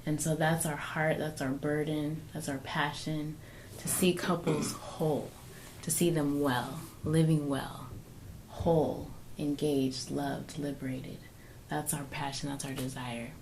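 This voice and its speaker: A woman co-hosting a faith-based marriage talk with her husband, speaking in a measured, preaching cadence. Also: deep voice, flat delivery, darkish tone, slight background noise, poor audio. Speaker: co-host, wife.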